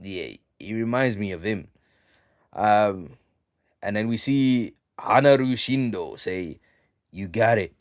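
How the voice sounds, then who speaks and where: A man casually recapping a manga chapter on a live stream, slangy and full of ums, reading the quotes out flat. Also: on the low side, takes it slowly, clean tone, no room sound, clean studio sound. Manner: slangy, reads out quotes flatly, many ums.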